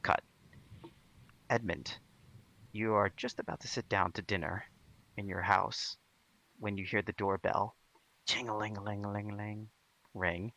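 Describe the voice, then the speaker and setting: Man, game master, tabletop narration, low gravelly voice, halting delivery. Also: steady tone, sharp tone. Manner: halting, full of restarts and fillers.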